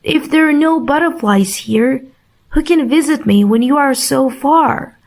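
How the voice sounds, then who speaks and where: A woman voicing a proud, touchy female flower in a storybook reading, slow and high. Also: animated, darkish tone. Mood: pleading.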